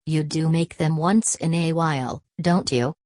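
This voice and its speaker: A woman voicing a drunk, blustering middle-aged man in an audiobook, with a high hoarse voice and a fussy, drawling manner. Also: fairly even intonation, unhurried, a little mellow, no room sound, studio quality. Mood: mocking. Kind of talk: audiobook character voice.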